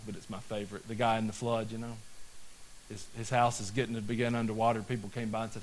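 Give me a male pastor preaching, conversational one moment and loudly emphatic the next. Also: lowish voice, flat delivery, slight background noise, rough recording. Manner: conversational, swinging into loud slow emphatic declarations. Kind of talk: sermon.

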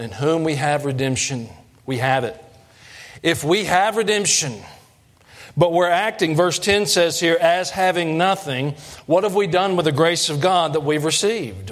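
Preacher guy, folksy, quizzes the crowd then gets fired up, ordinary pitch. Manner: folksy, asks the congregation questions, rises in pitch and force when preaching. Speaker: pastor. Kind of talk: sermon.

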